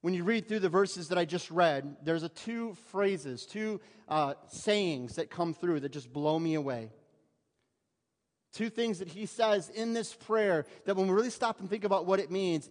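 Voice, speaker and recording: A man preaching a sermon to a church congregation, talking conversationally and asking the listeners rhetorical questions. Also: high-pitched. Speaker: pastor. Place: church sanctuary. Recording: long reverb of a church hall.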